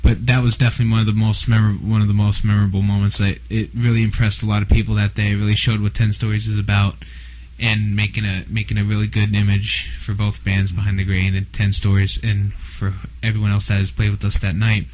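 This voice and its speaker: A man with a slightly low voice chats loosely in an interview about his band. He circles back, repeats words, and swears offhandedly. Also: monotone, quick pace, a little mellow, rough recording. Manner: rambling, restarts a lot, swears casually. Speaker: band member, guest. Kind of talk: casual interview chat.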